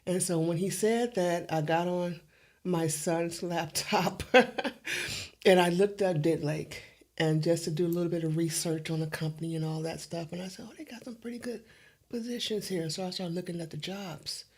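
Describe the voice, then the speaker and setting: Lower-pitched woman telling a personal story. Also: moderate pace. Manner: animated storytelling, acts out quoted dialogue. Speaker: interview guest.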